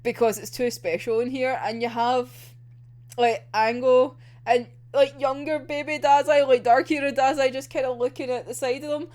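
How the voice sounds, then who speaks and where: A woman giving an emotional, excitable casual recap of a manga volume, swearing and acting out characters' lines. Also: sits high. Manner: emotional, swearing, laughing and groaning over the story; acts out characters' lines in quick quoted asides. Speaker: manga reviewer.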